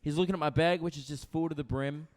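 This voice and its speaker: A man's voice: a little high, steady tone, fast talker, darkish tone. A young man performing a stand-up routine. He talks brashly and conversationally, often tagging lines with "right?". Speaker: stand-up comedian. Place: comedy venue stage. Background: audience laughter.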